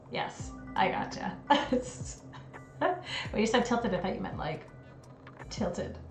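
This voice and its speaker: Streamer type: chatty, giggly woman, mid-pitch, roomy room with faint music under her. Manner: giggly, chatty, reacts with frequent laughter. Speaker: livestream host. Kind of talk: casual livestream chat reading conspiracy theories.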